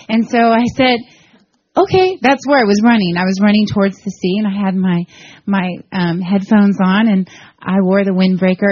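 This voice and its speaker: A woman from Florida in her forties, giving a heartfelt personal testimony to a church group, her voice swinging between soft, tearful and excited. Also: medium pitch, no room sound, lo-fi sound. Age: 40s. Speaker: guest speaker.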